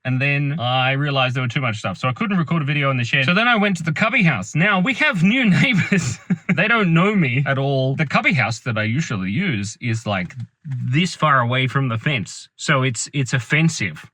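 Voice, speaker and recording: A man's voice: medium pitch, lively intonation, normal speed, pushed and bright, no room sound. Playful, giggly man in his thirties. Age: 30s. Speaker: vlogger. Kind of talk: rambling comic vlog chat. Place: parked car. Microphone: built-in camera mic, no microphone.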